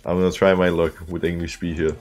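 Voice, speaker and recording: A man casually commenting on his own game as he streams, excitable, often laughing and talking to his viewers. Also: low voice, fast. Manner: excitable, laughing, talks to chat.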